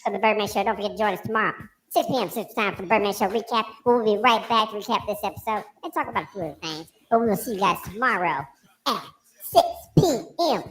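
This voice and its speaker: A man doing a high, hyped "Baby Fro". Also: fast talker, low-quality recording. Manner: loud, hyped sign-off announcer. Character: sassy hype man in a wig. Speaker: host.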